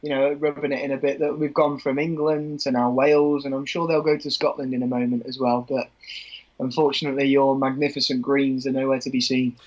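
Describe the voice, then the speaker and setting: A man's voice: medium pitch, level tone, a little fast, darkish tone. Chatty man on a dull lo-fi mic. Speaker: co-host. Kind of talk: live watchalong banter.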